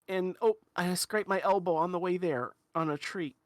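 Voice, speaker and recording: A tiny tearful girl, put on by a man in a tabletop game, her voice pushed far up into a squeaky child's register. She pleads and repeats herself, sniffling through every phrase. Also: normal speed, no echo, lightly acted. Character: small tearful little girl.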